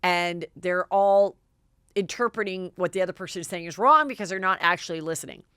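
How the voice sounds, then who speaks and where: A woman hosting a gossip podcast, running through a reality TV recap in a chatty, animated way. She acts out the quarrels herself, jumping up into loud voices for each quote. Her voice is smooth and the recording is close and dry. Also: lowish voice, fairly quick, no room sound. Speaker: podcast host.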